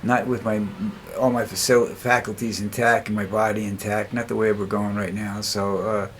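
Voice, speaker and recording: A man's voice: lowish voice, flat delivery, normal speed, a little hiss or hum. Older male vlogger, blunt and rambling, stops and restarts a lot, easily tired. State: tires easily, dizzy after walking. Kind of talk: casual monologue.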